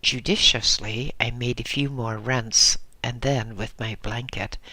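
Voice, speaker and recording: A man giving a measured, unhurried first-person audiobook narration. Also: mid-range voice, fairly even intonation, pushed and bright. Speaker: audiobook reader.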